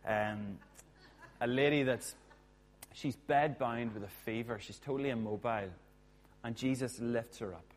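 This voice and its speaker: A man preaches a sermon in a relaxed, conversational way. His pitch sits in the middle range for a man. He keeps the tone jokey and throws in quick asides. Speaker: pastor.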